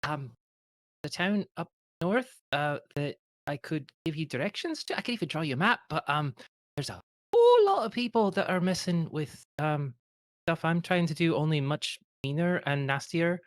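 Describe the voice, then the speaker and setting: Woman, tabletop player, lively pitch, hesitant, dry close sound. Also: moderate pace, dry recording. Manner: hesitant, full of ums and uhs. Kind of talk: playing a tabletop game.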